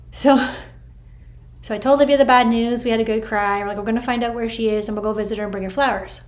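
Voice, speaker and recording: Woman, middle-aged, casual storytelling, chatty, higher pitch, vlogger. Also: fast talker. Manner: chatty, animated, full of "like" and "I'm like". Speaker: vlogger sharing a spiritual story.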